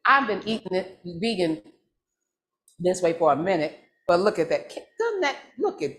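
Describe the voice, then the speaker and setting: An excitable woman hosts a live cooking demonstration. She chats straight to her audience, repeats herself and keeps calling out to them. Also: lowish voice, normal speed. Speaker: church cooking demo host.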